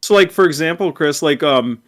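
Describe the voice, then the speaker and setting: A man co-hosting a fan podcast, telling an excited, rambling story in casual chat. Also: on the high side, normal speed. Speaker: podcast co-host.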